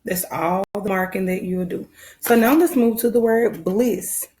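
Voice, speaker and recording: Some background noise sits behind this woman's unhurried, medium-pitched voice. A first grade teacher with a Southern American accent, she patiently takes young children through phonics and restates her instructions.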